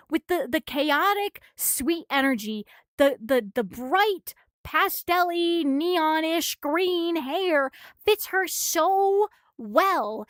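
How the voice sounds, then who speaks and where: A woman streamer who is a little out of breath, rambling and gushing excitedly as she reads a comic aloud in a casual chat from her room. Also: sits high, slow pace, no room sound, studio quality.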